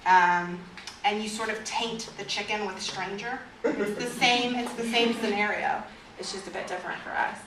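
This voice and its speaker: A woman teaching a class on fearful dogs as a trainer, in a lively way, with vivid examples and questions to her audience. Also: mid-range voice, normal speed, slight background noise. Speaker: dog trainer. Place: store or training room with an audience. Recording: echoey room, recorded from a distance.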